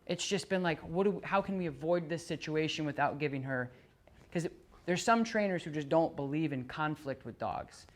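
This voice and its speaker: A dog trainer working with a dog in front of its owner. The trainer explains calmly to the owner, then calls out commands and loud, high praise to the dog. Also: normal speed. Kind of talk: hands-on training demonstration.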